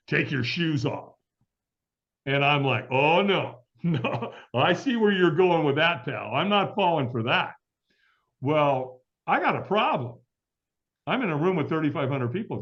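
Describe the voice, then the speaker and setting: A man's voice: fairly high pitch, big pitch swings, normal speed, a bit bright. A middle-aged man telling a long story as an interview guest, acting out the voices of the people in it. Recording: dull lo-fi audio.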